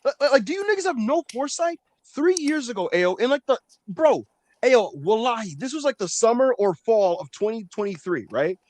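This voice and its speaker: A man's voice: extremely high pitch, big pitch swings, fairly quick, a little mellow, no echo, poor audio. A man ranting animatedly on a casual wrestling podcast, swearing and mocking the people who doubted him. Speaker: podcast co-host.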